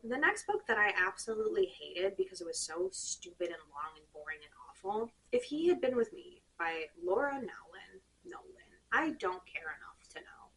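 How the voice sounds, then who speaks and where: A young woman rants about books with sarcastic, animated energy, rambling and dropping "like" constantly. Her voice sits at an ordinary middle pitch. She's recorded a little off from the mic. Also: normal speed, few pauses, distant mic, a faint crowd, a little hiss or hum, rough recording. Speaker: book reviewer. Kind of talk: casual rant.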